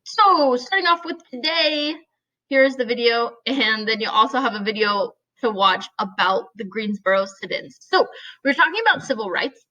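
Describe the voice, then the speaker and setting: A woman's voice: on the high side, sharp tone, muffled recording. A young woman teacher recording a lesson for her students, explaining plainly and checking in with "right?" and "okay?" as she goes.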